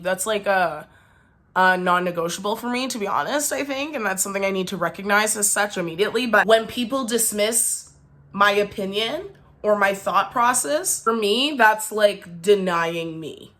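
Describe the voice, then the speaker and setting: A woman's voice: mid-range voice, fairly bright tone. A young woman vlogger telling a storytime tale, chatty and indignant, full of "like". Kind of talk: storytime vlog.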